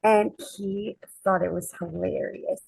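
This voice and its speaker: A woman guest on a chat podcast, telling a lively anecdote and acting out the quoted dialogue. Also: medium pitch, slow, vocal fry, slightly rough, poor audio. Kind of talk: casual storytelling chat.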